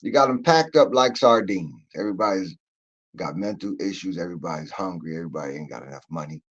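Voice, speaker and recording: Low-voiced man ranting on a livestream. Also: lively intonation, fast, lo-fi sound. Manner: emphatic, profane, addresses viewers directly. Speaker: livestream host. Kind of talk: casual commentary rant.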